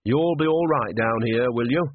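A shrewd, homely old woman, as a male narrator puts her on, talking slow and measured with a low, slightly husky tone. The audio is dry and narrow like a phone call. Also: no echo, natural voice. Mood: careful, coaxing.

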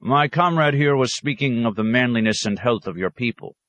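A man's voice: medium pitch, a bit bright, dry recording, voice pushed up, lightly acted. A man doing a courteous, clever traveling scholar. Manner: courteous, measured, diplomatic. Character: polite, clever male scholar, a traveling outsider.

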